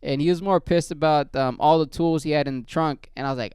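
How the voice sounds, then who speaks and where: A man casually telling a rambling, profane story as a podcast host, in a low-key way. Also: brisk, darkish tone, clear, resonant tone, no echo, clean studio sound.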